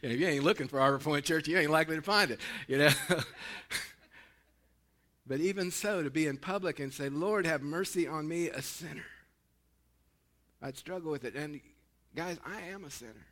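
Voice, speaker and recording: A man preaching in a small church, folksy and animated. His fairly high, bright voice swings widely in pitch. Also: fairly quick. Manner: folksy and animated, with laughing asides. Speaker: pastor. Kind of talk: sermon.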